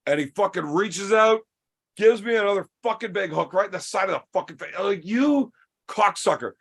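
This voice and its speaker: A man hosting a podcast, telling a story in a casual, profane and animated way. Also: sits high, a little fast, vocal fry. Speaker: podcast host.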